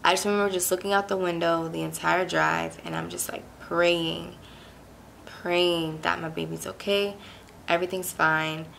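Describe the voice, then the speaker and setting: A woman's voice: fairly low pitch, steady tone, normal speed, gravelly, a bit bright, a little hiss or hum. A young woman from Pittsburgh telling a personal story in a casual, chatty way, full of "like" fillers and emphatic retelling. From Pittsburgh, USA. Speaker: vlogger.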